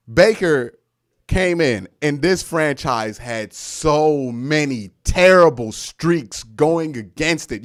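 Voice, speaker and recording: A young man hosting a live sports stream, boasting and trash-talking the rival team while he thanks viewers for their messages. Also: on the high side. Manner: boastful trash talk with shouts and laughs, reads out viewer messages. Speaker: sports show host.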